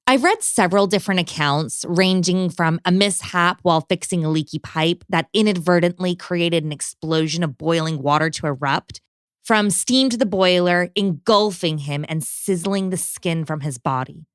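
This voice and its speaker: A woman's voice: on the low side, moderate pace, smooth, no room sound, studio quality. A woman hosting a podcast, reading scripted narration in a dramatic, storytelling way. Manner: dramatic, expressive storytelling read.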